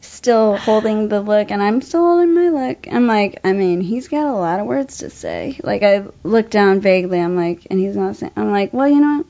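A young adult woman, an actor, telling an animated story in casual chat, laughing often and using many fillers. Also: medium pitch, normal speed, creaky, hardly any pauses. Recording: dull lo-fi sound.

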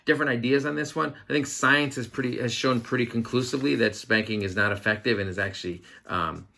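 A man's voice: medium pitch, quick pace, gravelly, sharp tone. A man in his forties hosts a podcast, reading out listener comments and giving his views. His humor is wry and dry, with easy jokes thrown into his opinions. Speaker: podcast host.

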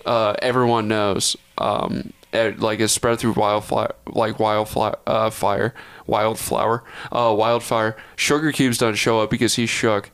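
A man's voice: lowish voice, fairly even intonation, unhurried, few pauses, fairly bright tone, clear, resonant tone. A young man from Texas, a podcast co-host, telling a long story in a rambling, profane way, often correcting himself. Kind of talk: casual storytelling.

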